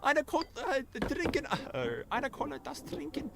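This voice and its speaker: A man voicing a silly, excitable little German boy in a mock German accent, speaking in halting, broken phrases. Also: very high voice, creaky, noisy background, pitched above the performer's own voice, exaggerated voice. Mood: goofy. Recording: game music behind.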